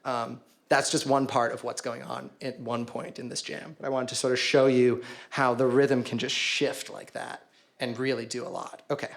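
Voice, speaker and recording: A man's voice: medium pitch, steady tone, moderate pace, vocal fry. A young adult man giving a guided listening lecture on a band's jams, counting beats and singing rhythms aloud at an arts venue. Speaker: musicologist lecturer. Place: arts venue event space. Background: music playback.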